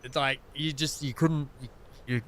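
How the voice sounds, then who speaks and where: A man's voice: mid-range voice, steady tone, moderate pace, bright, forceful tone, a little hiss or hum. An Australian man streaming a game, rambling through casual stories and laughing often. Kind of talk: casual chat while gaming.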